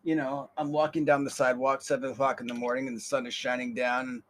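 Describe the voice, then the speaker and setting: A man's voice: mid-range voice, level tone, fast, a bit bright. A young man hosting a podcast, telling a rambling story with casual swearing and a lot of repeated words. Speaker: podcast host.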